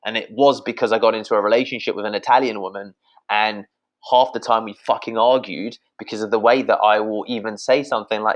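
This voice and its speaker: A British man, a podcast guest, giving blunt, energetic sales advice, swearing freely and addressing listeners as guys. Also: on the low side, quick pace, lo-fi sound.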